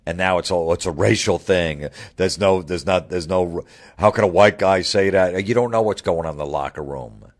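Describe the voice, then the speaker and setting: A man's voice: low voice, moderate pace. A man hosting a radio show, delivering a heated, profane, sarcastic rant. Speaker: radio host. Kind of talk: ranting monologue.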